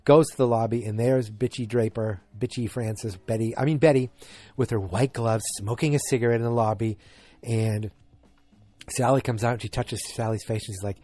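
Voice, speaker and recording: A man's voice: medium pitch, steady tone, moderate pace, dark tone. A man hosting a podcast, chatting through an episode recap in a rambling way that flares into exasperation. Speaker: podcast host.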